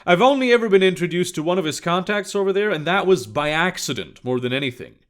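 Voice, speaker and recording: An earnest young American spy, plain and matter-of-fact, read by a male narrator. He explains things calmly in a fairly high male voice. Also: fast.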